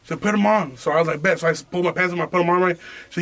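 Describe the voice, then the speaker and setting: High-voiced young man telling a story. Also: rapid-fire, fairly bright tone. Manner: profane, slangy, laughing storyteller. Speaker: podcast host. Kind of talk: casual storytelling chat.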